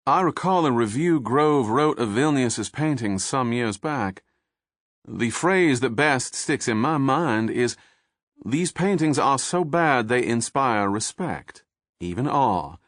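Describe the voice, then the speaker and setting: A man voicing a cool, sly, cultured male FBI agent who speaks in a measured, precise way. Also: medium pitch, lively intonation, fairly bright tone, dry recording, clean studio sound, pitched above the performer's own voice. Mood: wry.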